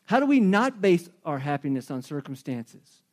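A man's voice: a little high, big pitch swings, moderate pace. A man pastor preaching a sermon in a conversational, joking way.

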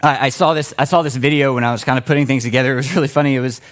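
A man delivering a sermon with a relaxed, conversational feel. He tells stories in an animated way and often stops and restarts his sentences. His voice sits at a middle pitch. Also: racing. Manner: casual, animated storytelling with frequent restarts. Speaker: pastor.

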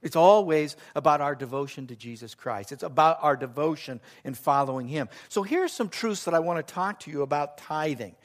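A middle-aged male pastor with a high voice delivers a sermon in church. He speaks earnestly and breaks up the preaching with joking asides. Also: lively intonation, a little fast, few pauses.

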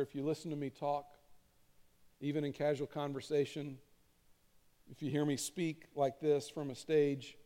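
A middle-aged man delivers a sermon from a church stage, earnest and conversational, leaning on repeated phrases. His voice is mellow and dark in tone yet pitched slightly high. The sound carries a long reverb from the large room. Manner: conversational, earnest, emphatic repetition. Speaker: pastor.

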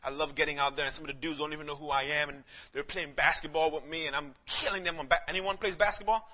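A male pastor preaching a casual, animated sermon, swinging from shouts to hushed lines and calling listeners man. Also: fairly high pitch, quick pace. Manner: casual street talk, calls listeners man.

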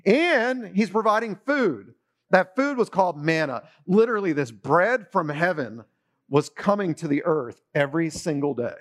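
A man's voice: high-pitched, fairly bright tone. A middle-aged man preaching a sermon in a conversational way, often putting questions to his listeners. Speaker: pastor.

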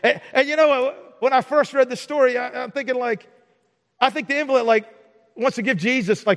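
Man, pastor, high voice, long hall reverb, animated preaching. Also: moderate pace. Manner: animated, acts out mock dialogues for laughs. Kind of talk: sermon. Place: church sanctuary.

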